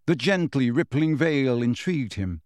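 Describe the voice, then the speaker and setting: A man narrating a storybook in an expressive, measured reading. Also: mid-range voice, no room sound. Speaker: audiobook narrator.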